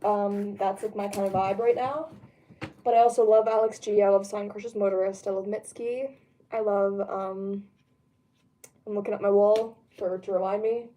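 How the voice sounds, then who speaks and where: A woman's voice: mid-range voice, fairly even intonation, normal speed, warm tone. A young woman chatting casually on a home stream, answering chat in a rambling way with lots of fillers. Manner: rambling, lots of ums, laughs easily. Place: home room.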